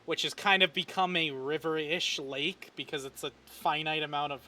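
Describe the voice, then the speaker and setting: A man's voice: a little high, moderate pace, sharp tone. A man narrating as game master of a tabletop campaign in a casual, rambling way.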